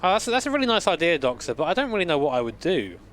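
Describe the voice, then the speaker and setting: A man's voice: a little high, sing-song, rapid-fire, a bit bright, slight background noise. A man in his late twenties, a sim racing streamer chatting casually with swearing and rambling stories. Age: late 20s. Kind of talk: casual live-stream chat.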